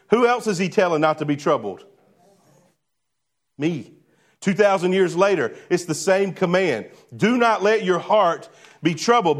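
Fairly high-voiced male preacher. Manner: conversational, rhetorical questions, swings between hushed and emphatic. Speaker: pastor. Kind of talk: sermon.

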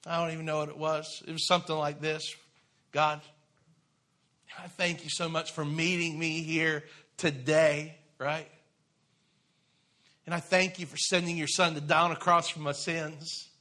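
A man preaching in church, telling his own conversion story, moving from hushed confession to loud, fervent exhortation. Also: on the high side, level tone, unhurried, pauses often. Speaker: preacher sharing testimony. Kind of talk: sermon testimony. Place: church sanctuary.

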